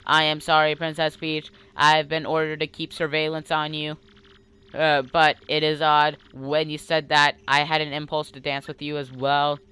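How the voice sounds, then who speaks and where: Curious game computer, woman voicing, low, formal, precise. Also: flat delivery, normal speed, a bit bright, clear, resonant tone. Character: polite male computer, curious about feelings.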